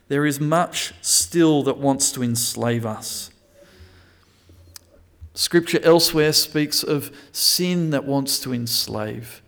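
Guy giving a sermon, kinda high voice for a man, reads verses then explains, stumbles and restarts a lot. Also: measured pace, smooth. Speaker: pastor.

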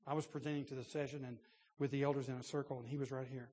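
A man's voice: medium pitch, flat delivery, very fast, mellow. A man in his sixties preaching a sermon, telling a personal story in a conversational way with laughs and restarts. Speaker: pastor. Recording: long reverb in a large room.

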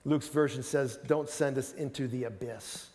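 A man's voice: medium pitch, normal speed, darkish tone, big-room sound. A man preaching a sermon as pastor, earnest, often repeating words as he starts a sentence.

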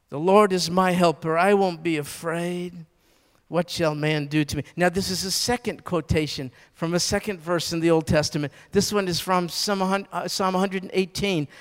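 A male pastor delivers a sermon in a high voice, moving from loud, urgent emphasis to hushed intensity. He takes his time, repeating key words again and again to drive his point home. The sound carries the long reverb of a hall.

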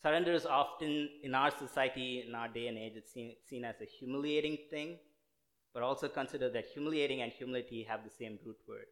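A young male preacher from India. He speaks at a middling pitch in a loose, conversational way, with frequent fillers and restarts. His tone stays earnest as he works through his sermon. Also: brisk, fairly bright tone.

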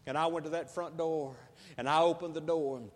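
A preacher from Texas tells a folksy story from the pulpit. His man's voice sits notably high, and the telling grows fervent and intense. A long reverb trails each phrase, as in a big hall. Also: fairly even intonation, brisk. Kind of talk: storytelling sermon.

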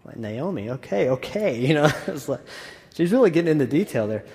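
A man's voice: on the high side, very animated, fairly quick, darkish tone. A man preaching a sermon as pastor in a casual, enthusiastic way with asides. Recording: echoey hall.

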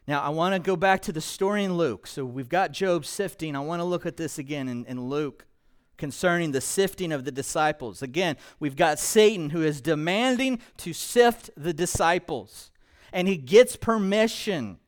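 Pastor guy with a high voice preaching, cracks jokes, gets quiet then loud. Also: expressive, moderate pace. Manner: joking, playful asides mixed with preaching; shifts between hushed and loud emphatic delivery. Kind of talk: sermon.

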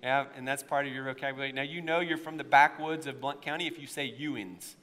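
A pastor with a faint East Tennessee accent preaching a sermon, swinging into loud, impassioned stretches when he stresses a point. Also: mid-range voice, steady tone, fast talker. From United States. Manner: impassioned preaching, rising to near-shouts at emotional peaks. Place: church sanctuary. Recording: long hall reverb.

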